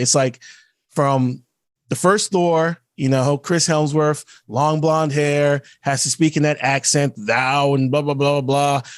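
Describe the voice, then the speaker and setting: A man's voice: mid-range voice, no echo, studio quality. A man co-hosting a podcast in casual chat, rambling with restarts and playful acted-out quotes. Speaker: podcast co-host.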